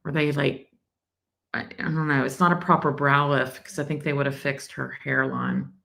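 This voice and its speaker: A woman's voice: rumbling low, little pitch movement, normal speed, vocal fry, fairly bright tone, a little hiss or hum, rough recording. A woman with a Southern accent hosting a live stream, chatting casually as she reacts to a clip. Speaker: livestream host. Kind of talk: casual true-crime commentary.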